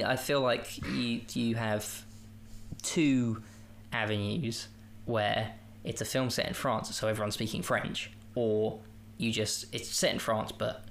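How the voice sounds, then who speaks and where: A man's voice: lowish voice, vocal fry, a little hiss or hum. A man hosting a podcast, chatting casually about a film in a rambling, jokey and self-amused way. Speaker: podcast host. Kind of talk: casual film review chat.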